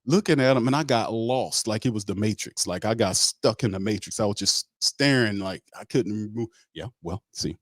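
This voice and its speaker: A man's voice: on the low side, moderate pace, hardly any pauses, no room sound, clean studio sound. A man hosting a casual sports talk livestream, joking and talking in slang. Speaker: host.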